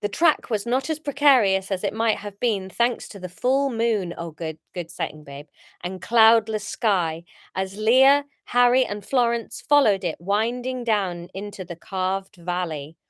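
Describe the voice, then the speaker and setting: A woman's voice: medium pitch, unhurried, a bit bright, clear, resonant tone, dry recording, studio quality. A woman reading her own story aloud on a live stream, giggling and chatting between lines.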